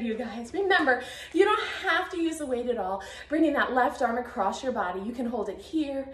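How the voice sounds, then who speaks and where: A woman's voice: on the high side, expressive, a little fast. A woman in her thirties leading an arm workout, upbeat and encouraging as she counts reps, a little out of breath, in her home garage. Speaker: fitness instructor. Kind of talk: guided workout instruction. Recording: echoey garage.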